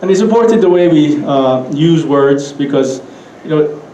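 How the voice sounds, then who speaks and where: A man with a Hawaiian Pidgin accent giving a keynote talk in a relaxed storytelling manner, with asides to the audience. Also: on the high side, normal speed, reverberant, a little hiss or hum, low-quality recording. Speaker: keynote speaker.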